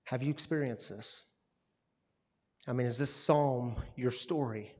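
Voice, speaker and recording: A man preaching a sermon as a pastor, telling stories with lively swings between hushed, quiet passages and loud, emphatic ones. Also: medium pitch, measured pace.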